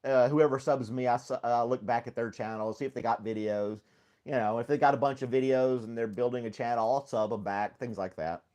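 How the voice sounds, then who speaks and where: Speaking fairly quickly in a medium-pitched, steady voice with a darkish tone, a man hosts a casual live stream from home. He rambles, laughs often, reads the live chat, and greets viewers by name.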